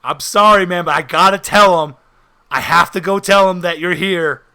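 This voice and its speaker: A man's voice: sits high, normal speed, creaky, pushed and bright, clean tone, full character voice. A man voicing a terrified male henchman who stammers and begs desperately. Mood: panicked pleading. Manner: panicked, begging and stammering.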